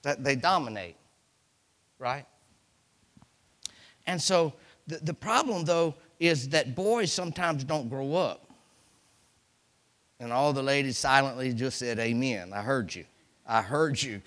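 A man's voice: mid-range voice, a little slow, long pauses, fairly bright tone. A middle-aged man preaching a sermon in a folksy storytelling way, acting out voices and repeating words for effect.

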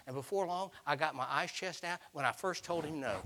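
Male preacher, folksy storyteller who acts out voices, bright and a touch high. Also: a little fast, few pauses. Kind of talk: sermon.

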